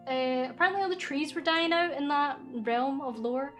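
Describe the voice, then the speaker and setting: A Scottish woman casually chatting on a live stream, reading out viewer questions in an excitable, cheeky, rambling way with lots of fillers. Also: sits high, normal speed, faint music behind.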